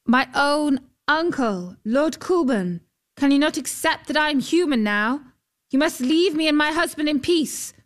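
Gentle water spirit wife calling out, high and pleading, woman voicing her. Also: lively intonation, unhurried.

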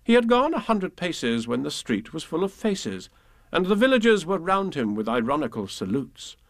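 A man reads children's poems and stories aloud, lilting and expressive. His voice sits slightly high and moves lively up and down. The recording is close and dry. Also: moderate pace, no echo. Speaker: reader.

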